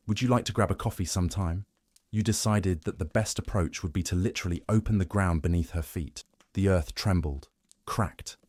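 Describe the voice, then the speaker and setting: A man narrating a humorous bedtime sleep story in a wry, deadpan manner, addressing his subject as "you". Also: sits low, dry recording, studio quality.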